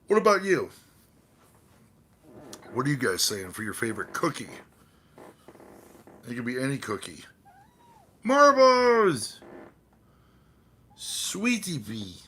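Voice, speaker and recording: With slight background noise, a man's fairly low, somewhat bright voice comes through. He's hosting a casual stream while slightly tipsy, chatting with viewers and his cats in a rambling, foul-mouthed way.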